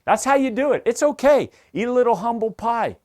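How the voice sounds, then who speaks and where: A man with a drawl teaches lineworker safety in a high-pitched voice. He talks emphatically, like a coach, and hammers key points home by repeating them. He sounds middle-aged. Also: expressive, fairly quick, darkish tone. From Southern United States. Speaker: safety instructor. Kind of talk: energetic safety training talk.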